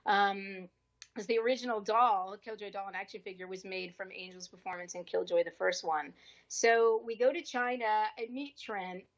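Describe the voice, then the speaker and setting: An actress being interviewed on a podcast, telling a career story in a casual, lively way and acting out the people she quotes with changing voices. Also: mid-range voice, normal speed, highs cut off. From US East Coast. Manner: lively, acts out quoted dialogue with shifting voices.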